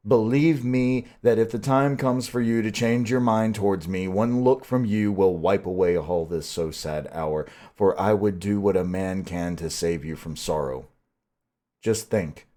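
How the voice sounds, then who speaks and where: A man reading the part of a grave, stern old professor who pleads with measured weight. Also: fairly low pitch, mellow, lightly acted. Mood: pleading. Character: grave old male Dutch professor, stern yet tender. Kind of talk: audiobook reading.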